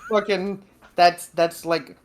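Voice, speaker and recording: A man's voice: high voice, fairly even intonation, takes it slowly. A man co-hosting a podcast in loose, casual chat, swearing and laughing as he talks about his father. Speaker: podcast co-host.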